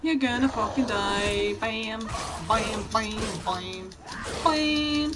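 A woman's voice: fairly high pitch, drawn-out words, music in the background. A young woman streaming a game, commentating with a lot of swearing and taunting the enemies on screen. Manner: profane, taunting, talking to the game. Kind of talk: gameplay commentary.

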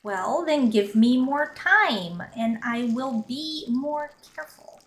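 A woman's voice: high-pitched, expressive, takes it slowly, fairly bright tone. A woman streaming a video game, chatting casually and grumbling sarcastically, with frequent swearing. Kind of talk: casual live-stream chat while gaming.

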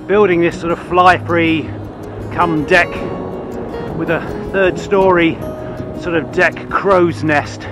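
A man, a bit tired, riding a bike outdoors and rambling through wry, chatty asides as he vlogs the ride. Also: a little high. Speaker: cycling vlogger. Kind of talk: rambling ride-along commentary.

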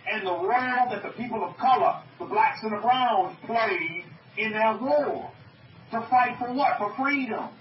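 A man's voice: sits high, unhurried, a little hiss or hum. A man preaching to an online group, emphatic, repeating his phrases and asking his listeners questions. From North America. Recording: muffled, echoey, from far off.

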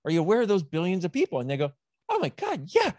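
Animated man explaining, dry close sound. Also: high voice, very fast, no echo. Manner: lively, emphatic, acts out little dialogues. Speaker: guest, self-help author.

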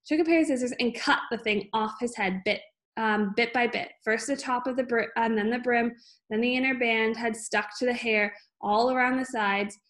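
A woman reading a children's book aloud at an unhurried pace, with frequent small slips and restarts. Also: fairly high pitch. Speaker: reader.

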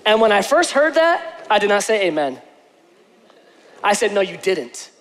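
A man preaching a sermon as pastor from a church stage, emphatic and repeating his phrases, dropping soft and then rising to a shout. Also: high voice, big pitch swings, moderate pace, a little hiss or hum. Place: church stage before a congregation. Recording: echoey church hall.

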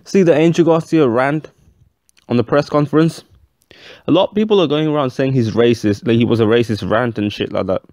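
A man's voice: medium pitch, fairly quick, darkish tone. A man giving his opinions in a casual boxing vlog, rambling with many restarts and fillers and swearing bluntly. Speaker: boxing vlogger.

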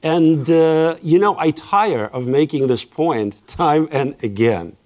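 A man's voice: fairly high pitch, slow pace, darkish tone. A man moderating a book talk's Q&A and filling gaps with many hesitant "uh"s. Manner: hesitant, many uhs, polite interjections. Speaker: moderator and teacher. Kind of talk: hosting a Q&A.

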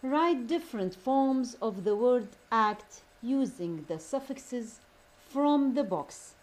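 Very slow-paced teacher, repeating words. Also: female voice, on the high side, expressive, rough recording. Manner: slow, repeats each word several times; switches to Arabic to explain terms. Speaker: English teacher. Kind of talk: recorded classroom lesson.

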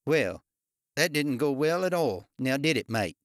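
A man's voice: medium pitch, very animated, unhurried, a bit bright, dry recording, studio quality. A male narrator voicing a scrawny, panicky crook with a whiny, shrieking delivery. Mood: annoyed.

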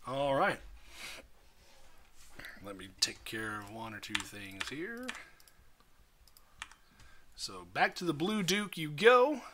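A man running a tabletop game as dungeon master, narrating in a lively, animated way with many restarts. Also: mid-range voice, slow pace, pauses often, slight background noise. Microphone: podcast mic, slightly odd audio.

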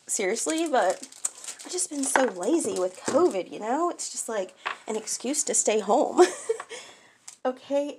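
Vlogger, young woman, high lively voice, excitable, casual unboxing chat. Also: noisy background. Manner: gushing, excitable, squeals and gasps. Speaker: toy collector vlogger.

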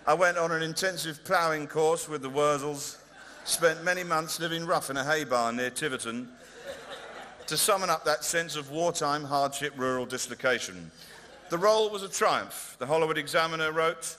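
A male comedian presenting an award at a ceremony in a large converted hall, delivering dry, deadpan, mock-pompous stand-up. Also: a little high, moderate pace. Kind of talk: stand-up style presentation speech. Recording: reverberant hall with faint noise.

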